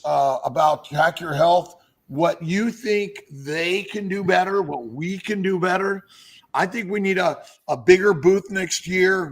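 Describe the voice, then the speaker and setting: Guy rambling on a live stream, lots of uh and you know, kinda high and creaky. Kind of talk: casual live-stream chat.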